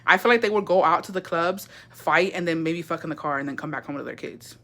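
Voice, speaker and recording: A young woman from Texas telling family stories in a casual chat, animated and profane, acting out what people said. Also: low-pitched, fast. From Texas, USA. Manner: profane, animated, gossipy, acts out quotes. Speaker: storyteller.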